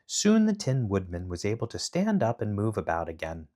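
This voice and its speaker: A man reading a children's bedtime story aloud, animated and dramatic in his delivery. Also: fairly low pitch, normal speed.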